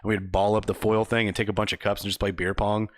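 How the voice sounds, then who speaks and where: A young man co-hosting a podcast, telling a work story in casual, profane chat, laughing often and acting out quotes in a higher voice. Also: level tone, quick pace, no room sound, clean studio sound. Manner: laid-back, swears a lot, laughs often, acts out quotes in higher voices. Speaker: podcast co-host.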